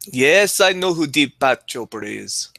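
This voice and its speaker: This young co-host and teacher mixes dry, wry podcast banter with reading passages aloud. His mid-range voice is gravelly, pushed, and bright, animated yet measured in pace, recorded with no echo.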